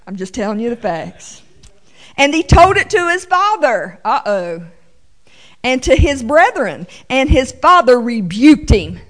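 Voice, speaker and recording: A woman teaching the Bible to her congregation, reading scripture with slow emphasis and adding playful, animated asides. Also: sits high. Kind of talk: sermon-style Bible teaching.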